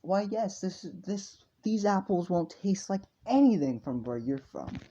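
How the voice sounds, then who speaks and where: Sly market vendor voiced by a man, high mock-polite sales voice, mellow tone, dull lo-fi recording. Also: very animated, a little slow, full character voice. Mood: smug. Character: smug greedy male market vendor, sly. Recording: dull lo-fi home mic with faint noise.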